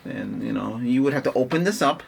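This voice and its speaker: A man's voice: mid-range voice, lively intonation, fairly quick, vocal fry, slight background noise. A middle-aged man rambling in an exasperated, casual rant as a tech vlogger, restarting his sentences often. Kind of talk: casual ranting vlog.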